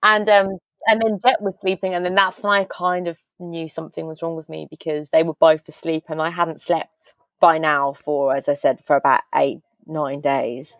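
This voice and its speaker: A woman's voice: deep voice, level tone, normal speed, dry recording, dull audio. A woman, a podcast guest speaking openly over a video call and telling her story in a tumbling, candid way while acting out the voices of people she quotes. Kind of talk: candid casual interview chat.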